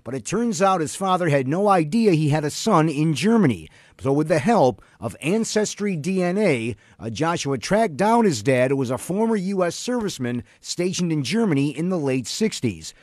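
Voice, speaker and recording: A man hosting a radio morning show, telling a news story with lively delivery. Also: a little high, moderate pace, hardly any pauses, no echo, studio quality.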